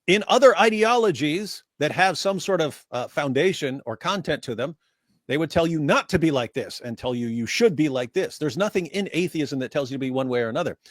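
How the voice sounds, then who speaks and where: A man's voice: on the high side, animated, brisk, no room sound, clean studio sound. A man co-hosting a casual reaction stream, arguing emphatically with frequent restarts. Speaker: stream co-host.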